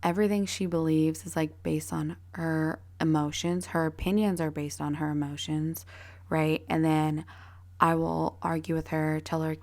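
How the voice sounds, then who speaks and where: A woman's voice: low voice, steady tone, a little slow. Blunt, swearing young woman podcaster. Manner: blunt, profane, rambling with many fillers. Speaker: podcast host. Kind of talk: casual solo podcast talk.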